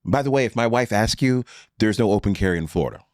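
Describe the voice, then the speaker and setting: A man co-hosting a casual chat, chuckling often and chiming in with quick affirmations. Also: fairly low pitch, expressive. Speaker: podcast co-host.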